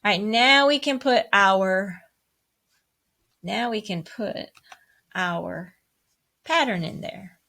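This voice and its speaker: A woman's voice: mid-range voice, slow pace, creaky, pauses often, bright, forceful tone. A woman teaching a music lesson to children, upbeat and encouraging as she counts rhythms aloud.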